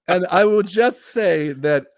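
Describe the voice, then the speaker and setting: A man co-hosting a casual podcast chat, animated and full of fillers, laughing often. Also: mid-range voice, no echo, clean studio sound. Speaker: podcast co-host.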